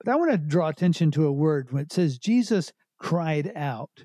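Mellow-voiced man teaching through scripture. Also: on the high side, expressive, dry recording. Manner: unhurried, explanatory, with frequent restarts. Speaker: Bible teacher. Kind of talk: verse-by-verse Bible teaching.

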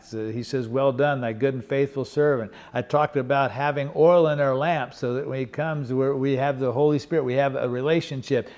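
A man's voice: mid-range voice, darkish tone. An older man preaching a sermon in an earnest, conversational way, often checking in with the congregation. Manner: earnest, conversational preaching with frequent "okay?" and "you know". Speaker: pastor.

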